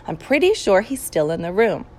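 A woman's voice: medium pitch, big pitch swings, moderate pace. A woman reading the part of a harried middle-aged school principal and father in an audiobook, with a pleading, firm manner. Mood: hushed. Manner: pleading, then firm and hushed. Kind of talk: audiobook character voice.

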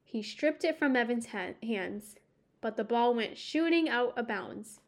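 Slow, measured woman narrator. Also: a little high. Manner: measured, expressive storytelling. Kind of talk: audiobook narration.

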